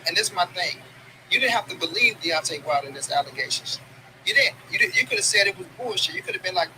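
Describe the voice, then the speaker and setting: A man's voice: high-pitched, quick pace. Ranting man over background noise. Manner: profane, emphatic, repeats lines for stress. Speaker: boxing commentary channel host. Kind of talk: casual ranting commentary. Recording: clip with steady background noise.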